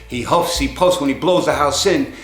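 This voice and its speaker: A man's voice: on the high side, normal speed, a bit bright, echoey room, faint music behind. A man telling jokes in a rambling, conversational way, raising his voice to act out the characters. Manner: rambling storyteller, acts out characters in raised voice. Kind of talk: joke telling.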